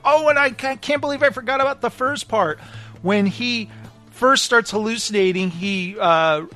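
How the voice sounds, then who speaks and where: A man with a notably high voice retells a story to his co-host, slipping into the characters' lines as he goes. The talk is casual and lively. Faint music plays underneath. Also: normal speed. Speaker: podcast co-host. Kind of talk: casual book discussion.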